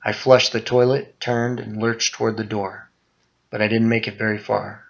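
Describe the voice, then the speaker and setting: Low-voiced man reading horror fiction. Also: little pitch movement, normal speed, gravelly, dull audio. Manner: dramatic, muttering narration with sudden loud outbursts in quoted lines. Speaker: author reading his own story.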